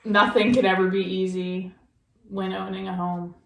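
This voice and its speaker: A woman's voice: mid-range voice, flat delivery, moderate pace, gravelly, a bit bright, roomy sound, distant mic, a little hiss or hum. Chatty woman reacting to a vlog. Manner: chatty, lots of "like", musing aloud. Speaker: reaction video host. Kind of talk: casual reaction commentary.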